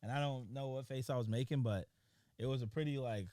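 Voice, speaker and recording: A man's voice: mid-range voice, a little fast, warm tone, dry recording. A man co-hosting a morning radio show, laid-back and arguing his point in casual banter in a studio.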